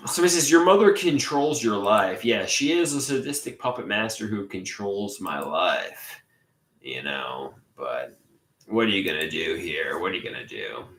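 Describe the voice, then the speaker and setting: A man rambles through a live stream from his room, cursing often and circling back to the same complaints. His voice sits low but swings widely in pitch, with a bright, sharp edge. The room around him sounds echoey. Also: lively intonation, normal speed. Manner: rambling, profane, repeats himself. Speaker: livestreamer. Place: own room at home.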